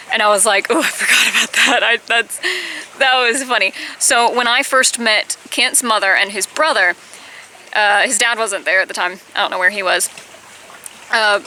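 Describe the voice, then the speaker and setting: A woman in her twenties telling a casual storytime on her vlog, chatty, with high-pitched bursts when she quotes herself. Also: bright, forceful tone, a little hiss or hum, poor audio. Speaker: vlogger.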